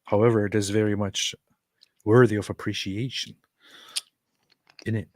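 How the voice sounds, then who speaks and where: A male host talks in an easygoing chat, measured and a little hesitant, often restarting his phrases. His voice sits fairly low, and the recording is dry and close. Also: little pitch movement, a little mellow, dry recording. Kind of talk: casual chat.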